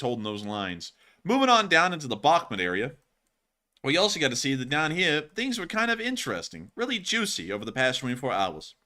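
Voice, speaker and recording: A man hosting a live-stream war commentary, excited and joking, often laughing. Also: medium pitch. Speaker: host.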